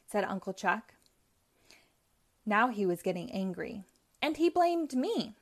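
A woman reading a chapter book aloud for children in a clear, steady storytelling manner. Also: medium pitch, slow pace, long pauses. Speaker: storybook reader. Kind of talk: children's read-aloud narration.

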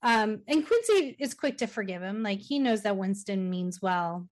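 Woman, 40s, podcast co-host, chatty recap, loose with fillers, quick to laugh. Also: mid-range voice, animated. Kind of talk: casual chat recapping a movie.

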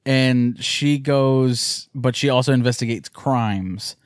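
A man's voice: medium pitch, slow pace, no room sound. A man with an ordinary mid-range voice riffs absurd jokes in casual podcast chat, tossing in "dude" constantly. The recording is dry and close. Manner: wisecracking, says "dude" a lot. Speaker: podcast co-host.

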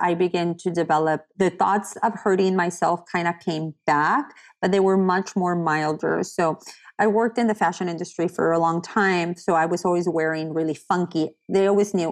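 A woman's voice: fairly low pitch, fairly even intonation, normal speed. A woman sharing a personal story as a podcast guest, talking candidly and earnestly, often quoting what others said to her. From United States. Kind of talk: personal story in casual conversation.

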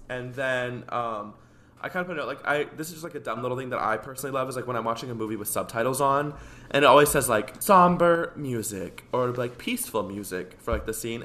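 A man co-hosting a podcast, playfully retelling film scenes with quick asides in casual chat. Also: medium pitch, sharp tone, a little hiss or hum.

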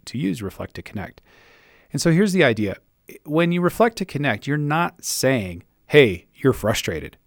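A man's voice: mid-range voice, creaky, no echo, studio quality. Encouraging man hosting an advice podcast. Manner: encouraging, reassuring. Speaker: podcast host and leadership coach.

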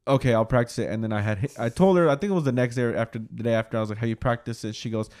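A young man with a middle-pitched voice, hosting a relaxed conversation. He tells a long, rambling story in an easy, chatty way and laughs readily. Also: rapid-fire. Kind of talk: casual chat, storytelling.

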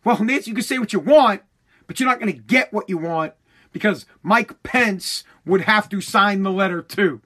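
A man's voice: high-pitched, moderate pace, sharp tone. A man delivering a profane, angry political rant, mocking others in put-on voices.

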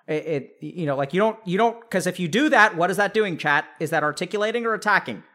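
A man with a notably high voice talks casually to a live chat, coaching his listeners step by step. He keeps checking in with rhetorical questions as he goes. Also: lively intonation, fast talker, pushed and bright. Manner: direct, coaching, frequent rhetorical check-ins. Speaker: podcast host giving mental health advice.

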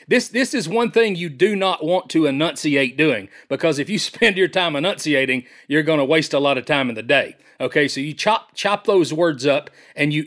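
A man from Tennessee, a champion auctioneer who breaks into a rapid, rhythmic chant and explains it in a friendly way. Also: on the high side, a bit bright. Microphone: phone line.

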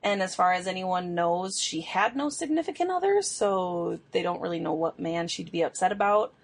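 A young woman co-hosting a podcast, casually telling a true crime case, chatty and quick to laugh. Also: on the low side, expressive. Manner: chatty storytelling, laughs often, swears. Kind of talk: casual chat.

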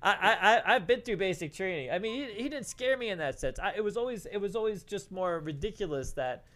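A man's voice: high-pitched, expressive, fast. A middle-aged man telling casual stories as a co-host on a livestream, swearing and saying "dude" a lot. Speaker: podcast co-host.

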